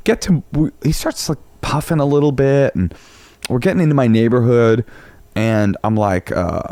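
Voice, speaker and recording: A man telling a story as a comedian guest on a podcast, animated, cursing freely and acting out what people said. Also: moderate pace, dry recording. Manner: animated, acts out quotes with big pitch jumps, swears freely. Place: home podcast room.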